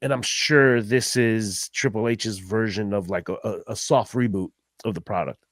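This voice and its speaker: A man co-hosting a wrestling podcast, chiming in with quick reactions and blunt opinions. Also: fairly low pitch, no room sound, clean studio sound. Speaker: podcast co-host. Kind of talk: casual wrestling recap chat.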